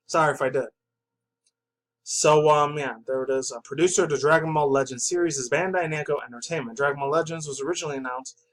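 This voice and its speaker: A man's voice: a little high, steady tone, quick pace, a bit bright, poor audio. A young adult man hosting a pop culture channel, rambling through news articles in a loose, casual way with lots of fillers and swearing.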